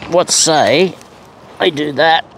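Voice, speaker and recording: A bird feeder vlogger with a somewhat high, creaky voice speaks slowly as he playfully baby-talks and teases wild cockatoos. The casual outdoor recording is noisy, with birds and other outdoor sounds in the background.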